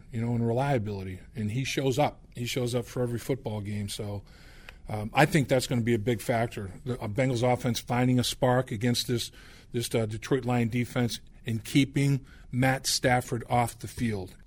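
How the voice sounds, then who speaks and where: A man with a mid-range voice gives football analysis, talking casually and pausing on fillers as he thinks. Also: mid-range voice, fairly even intonation, a little mellow. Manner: conversational with fillers.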